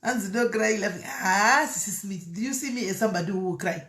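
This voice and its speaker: A woman's voice: medium pitch, brisk, a bit bright, reverberant. Chatty woman live-streaming. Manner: chatty, mixes Shona with English, laughs often. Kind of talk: casual live-stream chat, reading comments.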